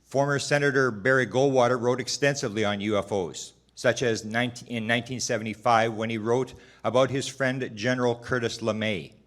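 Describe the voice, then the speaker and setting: A man testifying at a public hearing, reading a prepared statement in a measured, formal way, now and then stumbling and restarting a word. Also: mid-range voice, steady tone, a bit bright.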